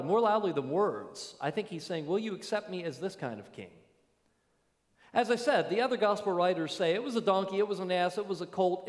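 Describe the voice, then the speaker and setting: A man preaching a sermon as pastor, telling stories in a folksy way and swinging from quiet asides to raised emphasis. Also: on the high side. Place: church sanctuary. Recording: long hall reverb.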